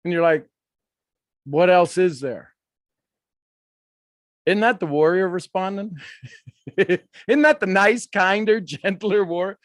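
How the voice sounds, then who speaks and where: At a measured pace, a man with a fairly high voice coaches a live workshop, animated and laughing as he drops into other people's voices. The audio is close, dry and free of echo.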